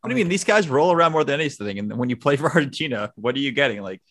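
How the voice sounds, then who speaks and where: Jokey, animated man talking football. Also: mid-range voice, racing. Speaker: podcast co-host. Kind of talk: casual sports chat.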